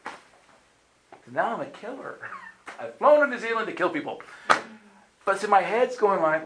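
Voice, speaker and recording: Sitting high and sing-song, this man's voice moves unhurriedly with frequent pauses as he preaches to a live audience in a meeting room. He acts out the people in his story over a noisy background and roomy hall acoustics.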